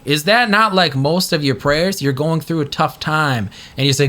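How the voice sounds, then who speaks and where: A man talks through ancient texts in a loose, chatty podcast. His voice is bright and fairly high. He swings between excited peaks and quieter asides, often jumping into loud acted-out quotes. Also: a little slow. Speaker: podcast host. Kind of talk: casual chat.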